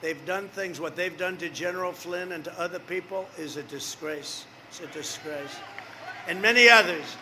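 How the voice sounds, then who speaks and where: A man's voice: sits high, normal speed, bright, forceful tone, a little hiss or hum. An older man in his seventies giving a rambling, boastful rally speech outdoors, with asides to the crowd. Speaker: political rally speaker.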